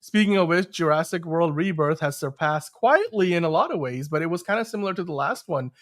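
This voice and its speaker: A man's voice: on the high side, expressive, a little fast. A man hosting a live-streamed podcast, talking in a rambling casual way with many restarts. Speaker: podcast host.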